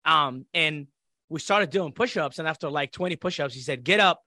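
A man's voice: a little high, moderate pace, dry recording, clean studio sound. A man from Iraq, a podcast guest, telling a story in casual conversation and acting out the voices of others. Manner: animated, acts out quoted voices. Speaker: interview guest.

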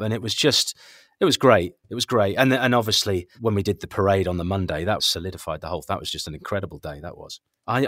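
A man, a former radio commentator, reminiscing in a relaxed interview with chuckles and frequent self-corrections. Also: lowish voice, no echo, studio quality.

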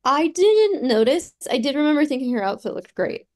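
A woman with a slightly high voice chats on a podcast. She keeps it wry and understated, tossing off dry remarks. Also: very animated, brisk. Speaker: podcast co-host. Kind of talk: casual chat recapping a reality show.

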